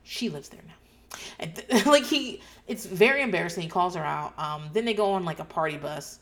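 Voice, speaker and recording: A woman's voice: lowish voice, a little fast. Swearing, ranting podcast woman. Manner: ranting, swears freely, animated asides. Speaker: podcast host recapping a show. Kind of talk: casual recap chat.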